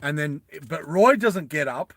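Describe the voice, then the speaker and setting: Here a man spins an off-the-cuff story in a loose, meandering way, full of fillers and false starts, jumping in to voice the characters in quick bursts. His voice runs high and animated, captured in a dry recording.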